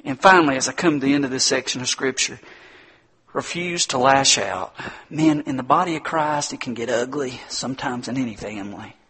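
A man's voice: medium pitch, a little fast, slightly rough. A middle-aged man preaching a sermon, telling folksy stories and acting out the voices of the people in them. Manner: folksy, animated storytelling with mimicked voices.

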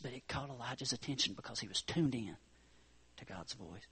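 A man preaches a sermon, retelling a scripture story with dramatic shifts from loud, emphatic lines to hushed whispers. His medium-pitched voice is animated and brisk.

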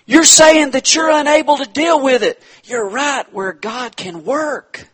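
A man's voice: very high-pitched, a little slow, a bit bright, voice pushed up. A man voicing a fatherly pastor who gives counsel in an urgent, emphatic way.

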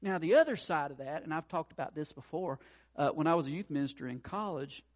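A middle-aged man preaching a sermon as pastor, earnest, dropping soft and low then rising to loud impassioned peaks. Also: animated, fast. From North Carolina.

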